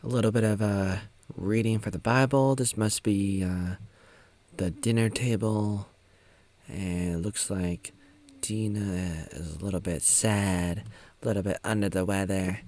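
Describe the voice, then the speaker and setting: A man's voice: fairly low pitch, fairly even intonation, a little slow, darkish tone. A man in his thirties from the United States, rambling and joking as he comments on a film, sometimes mimicking its characters or humming little tunes. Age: 30s. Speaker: video maker.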